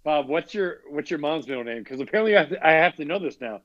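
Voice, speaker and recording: A man in casual podcast chat among friends, teasing loudly and sometimes shouting. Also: fairly high pitch, lively intonation, fast, no room sound, muffled recording. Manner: loud teasing, jumps to shouting.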